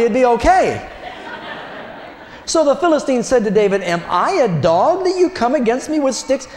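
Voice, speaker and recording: A male preacher giving an animated sermon, telling the story with acted-out voices and questions to the congregation. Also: extremely high pitch. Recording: echoey hall.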